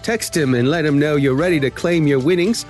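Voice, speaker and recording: A man's voice: fairly high pitch, brisk, a little mellow, soft background music, natural voice. A man voicing a pushy online scammer in a put-on Australian accent, his voice raised and salesy. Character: pushy male Facebook scammer promising free grant money.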